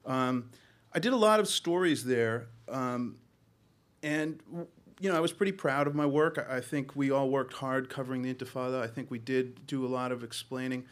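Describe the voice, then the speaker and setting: Halting, earnest middle-aged man. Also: medium pitch. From Boston. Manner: earnest, halting storytelling with many ums and restarts. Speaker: newspaper journalist on a panel. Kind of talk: personal story told to a panel.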